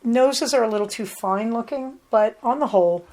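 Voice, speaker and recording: A woman hosting a podcast, telling a long casual story in a chatty, rambling way, with quick asides to her dog. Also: fairly high pitch, a little mellow. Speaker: podcast host. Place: at home on a ranch.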